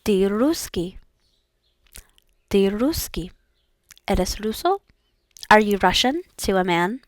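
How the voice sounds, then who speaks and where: A woman's voice: medium pitch, animated, takes it slowly, no room sound. A young woman learning languages, repeating practice words aloud and chatting casually with fillers.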